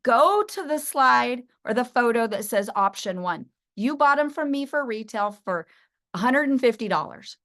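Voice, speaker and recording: Brief: middle-aged woman, sales trainer, lively storyteller, slightly high voice. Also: normal speed. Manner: animated storytelling, acting out phone calls. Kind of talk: energetic training talk.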